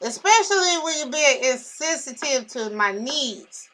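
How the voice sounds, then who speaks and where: High, bright-voiced woman venting. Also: very animated, measured pace, hardly any pauses, poor audio. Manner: irritated, blunt, emphatic. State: in pain. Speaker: vlogger. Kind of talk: venting to camera.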